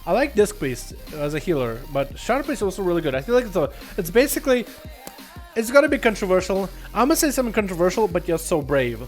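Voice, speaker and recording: An American man with a high, bright voice calls game duels live, quick and excitable, then drifts into loose banter with his viewers. Faint music plays under his voice throughout the stream. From United States. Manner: energetic, chatty, jokey with viewers. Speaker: streamer and duel host. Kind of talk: live game commentary and chat.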